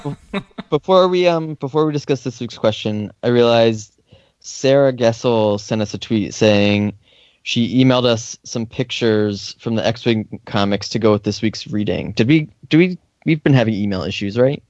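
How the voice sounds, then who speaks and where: A man's voice: mid-range voice, normal speed, a little mellow, dry recording. A man co-hosting a casual podcast chat in a playful way, putting questions to the group. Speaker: podcast co-host. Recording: dull dry podcast audio.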